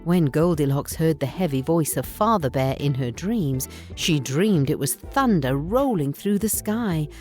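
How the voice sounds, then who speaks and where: Woman reading a bedtime story, low voice, slow and lively, soft music under it.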